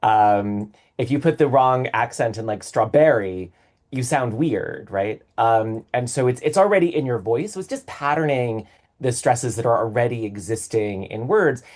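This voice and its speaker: A man's voice: mid-range voice, expressive, moderate pace, darkish tone. A man on a podcast, explaining things in a casual, lecturing way with many fillers. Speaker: podcast co-host.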